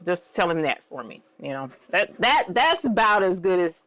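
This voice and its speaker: A woman hosting a casual craft stream, bubbly and excitable, often squealing and laughing. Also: fairly low pitch, normal speed, no echo. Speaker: crafting channel host. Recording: dull, slightly lo-fi sound.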